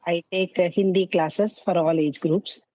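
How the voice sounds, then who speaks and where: Indian woman, 50s, Hindi teacher; dry, close lo-fi call sound, steady relaxed delivery. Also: lowish voice, no room sound. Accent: Indian English. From southern India. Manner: friendly, laughs often, steady measured explanations. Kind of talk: casual conversation. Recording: dry, dull lo-fi call audio.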